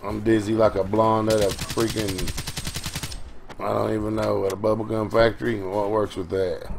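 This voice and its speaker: A middle-aged man, tired from no sleep, giving rambling, folksy, profane gameplay commentary with quick outbursts. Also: fairly low pitch, flat delivery, vocal fry, slight background noise. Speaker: gaming channel host.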